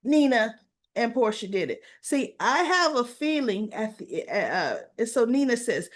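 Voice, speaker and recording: Female recap host, high-ish voice, slow casual delivery, chatty and colloquial, acts out the dialogue. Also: big pitch swings. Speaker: soap opera recap host.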